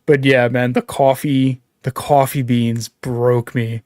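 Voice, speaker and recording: Excitable swearing man, dry close sound. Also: medium pitch, takes it slowly, no echo. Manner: swears freely, excitable, laughs while talking. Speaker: podcast co-host. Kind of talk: casual live-stream chat.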